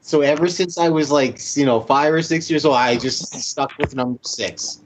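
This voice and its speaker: A man's voice: fairly high pitch, moderate pace, noisy background. A man from Winnipeg co-hosting a sports talk show, playful and provocative. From Winnipeg, Canada. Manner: playful, teasing, provocative, animated. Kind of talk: casual sports chat. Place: indoors, dressed in shirt and tie.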